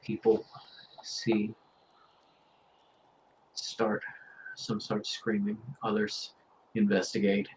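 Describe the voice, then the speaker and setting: A man as game master, narrating a tabletop role-playing scene in a grave, unhurried second-person storytelling manner. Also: fairly low pitch, completely flat delivery, slight background noise, low-quality recording.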